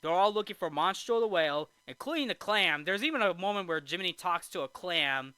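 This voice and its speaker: A man's voice: high-pitched, animated, fairly quick, sharp tone, clean tone, no room sound. A man hosting a movie review show, casually recapping a film in a rambling way with restarts and asides.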